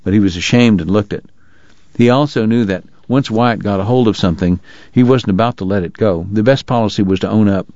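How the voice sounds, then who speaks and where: A man reading an audiobook with wry, measured storytelling. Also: lowish voice, a little mellow, dry recording, highs cut off. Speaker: audiobook narrator. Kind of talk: scripted narration.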